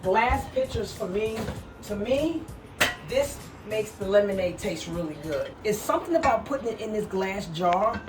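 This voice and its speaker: A woman's voice: mid-range voice, lively intonation, normal speed, distant mic, music in the background. A woman with a mix of Brooklyn and Southern accent, chatting casually on camera at home while showing her fashion pieces. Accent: mixed Brooklyn and Southern. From New York. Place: home kitchen.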